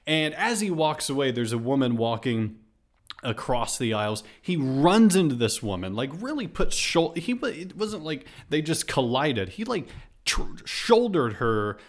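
A man's voice: medium pitch, big pitch swings, measured pace. Male podcast host, mid-range voice, sarcastic storyteller who restarts sentences a lot. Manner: rambling, sarcastic, full of restarts and asides. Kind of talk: comedic storytelling monologue. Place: Houston.

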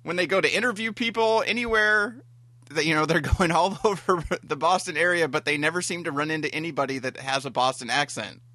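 Bright-toned rambling man. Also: on the high side, a little fast, dry recording. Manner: rambling, many fillers and restarts. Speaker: podcast co-host. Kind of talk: casual TV review chat.

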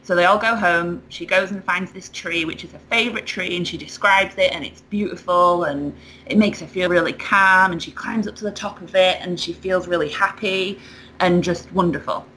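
A woman telling a story in casual chat, animated and laughing often. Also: lowish voice, normal speed, a little hiss or hum, low-quality recording.

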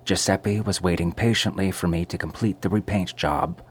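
A man narrating a first-person story in a measured, brooding way. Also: deep voice, steady tone, slight background noise.

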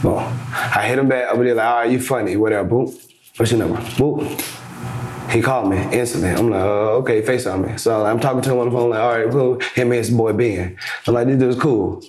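A young man speaks as a podcast guest and tells his story in a relaxed, chatty way. He talks at a middle pitch and plays out each exchange as he goes. The room gives his voice a noticeable echo, with a faint hiss underneath. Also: fairly quick. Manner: animated storyteller acting out quoted exchanges. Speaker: podcast guest, basketball influencer. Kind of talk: casual storytelling interview.

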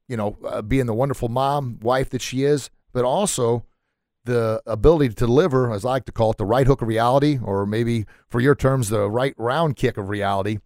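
A man hosting a podcast interview in a small sound room, excitable and quick to laugh, often stumbling over his words. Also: medium pitch, no echo, studio quality. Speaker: podcast host. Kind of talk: casual chat.

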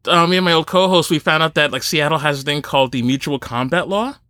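A man's voice: on the high side, fast, no echo. A man from New Jersey hosting a podcast, telling stories in casual chat and acting out the people in them. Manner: animated storyteller, acts out quoted people. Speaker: podcast host.

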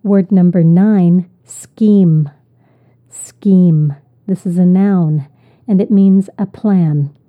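Slow, low-voiced woman teaching vocabulary. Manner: repeats each word and explains patiently. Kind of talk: slow, deliberate vocabulary lesson. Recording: tinny phone-like audio.

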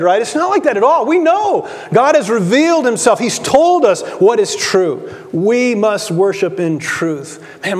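High-pitched guy preaching, earnest and repeating himself, big echoey church hall. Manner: earnest preaching, repeats words, drops quiet for emphasis. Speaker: pastor. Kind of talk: sermon.

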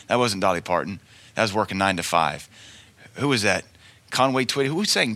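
A man's voice: lowish voice, expressive, fairly quick, sharp tone. A man preaching a sermon in an emphatic, folksy way, repeating his key lines and telling stories.

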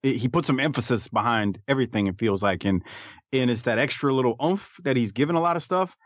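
A man's voice: mid-range voice, animated, brisk, no echo. A man co-hosting a casual podcast, talking with hesitant restarts and easy laughter. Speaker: podcast co-host. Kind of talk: casual podcast review chat. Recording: dull, dry lo-fi mic.

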